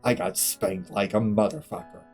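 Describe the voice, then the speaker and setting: A man's voice: fairly low pitch, steady tone, normal speed, darkish tone, faint music behind. A man streaming a game, telling candid, profane stories from his childhood and laughing through them. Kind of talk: casual storytelling between game segments.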